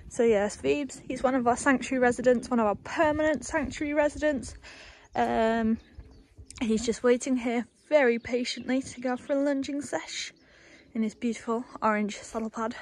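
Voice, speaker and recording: A woman's voice: on the high side, normal speed, a little mellow. A young woman, casually chatting as she gives a walking tour of a horse yard. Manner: chatty, rambling, coos at the animals. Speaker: stable staff member giving a tour.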